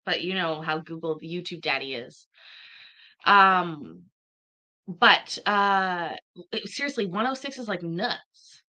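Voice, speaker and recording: Slow-talking joking woman streamer. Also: on the low side, sharp tone. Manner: chatty, joking, talks to viewers and chat. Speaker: streamer commenting on court hearings. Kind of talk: casual reaction commentary.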